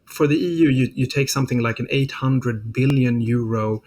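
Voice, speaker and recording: A middle-aged man giving a diplomat's answers in a policy interview, with a voice in the middle of the usual male pitch range. He speaks in a measured, thoughtful way and leans on "you know" as he builds each point. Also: fairly even intonation, a little mellow, slight background noise.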